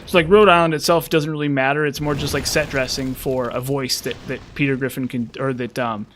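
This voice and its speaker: A man's voice: medium pitch, flat delivery, a little fast, a bit bright, a little hiss or hum. A man from the western United States in a rambling casual chat, full of fillers and restarts. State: frazzled. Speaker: streamer.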